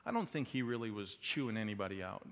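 A man's voice: on the low side, very animated, quick pace. Impassioned preacher man in a reverberant hall. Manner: impassioned, rising to loud emphasis and dropping to quiet. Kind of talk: sermon.

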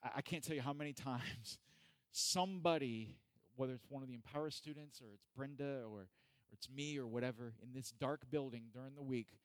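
A man's voice: medium pitch, fairly quick, hardly any pauses, clear, resonant tone, dry recording. A man preaching a casual, joking sermon who acts out the people in the story. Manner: animated, joking, acts out voices. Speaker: pastor. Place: church hall.

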